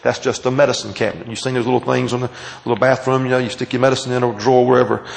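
A man's voice: medium pitch, little pitch movement, vocal fry, rough recording. A man preaching and teaching a Bible class, stretching out key phrases for emphasis and asking his listeners questions. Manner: emphatic, drawn-out phrases, asks the audience questions. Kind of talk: sermon. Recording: taped sermon.

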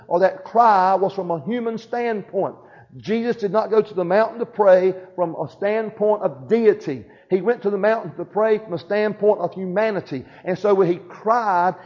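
High-voiced preacher man, lo-fi sermon. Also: a little mellow. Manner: preaching with rising emphasis and call-and-response.

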